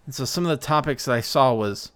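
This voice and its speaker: A man's voice: mid-range voice, fast talker, a bit bright. A man co-hosting a podcast, chatting casually about a movie in a meandering way, with lots of likes and ums. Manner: meandering, full of likes and ums, acts out quotes. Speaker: podcast co-host. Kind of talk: casual chat reviewing a movie.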